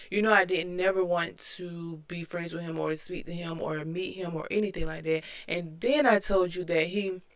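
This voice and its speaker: A woman's voice: fairly low pitch, sharp tone. A woman commentary host reacting to a clip, reasoning it out step by step in disbelief.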